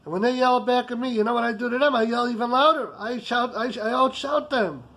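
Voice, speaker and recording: A man's voice: very high voice, brisk, gravelly, a bit bright, full character voice, low-quality recording. A man voicing a rich, hot-tempered business boss who talks in an intense, emphatic way.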